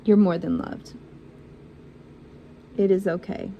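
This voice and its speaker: Slow, gravelly-voiced woman intuitive reader. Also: mid-range voice, steady tone, highs cut off, slight background noise. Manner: encouraging, repetitive and emotional. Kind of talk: spiritual reading for zodiac signs.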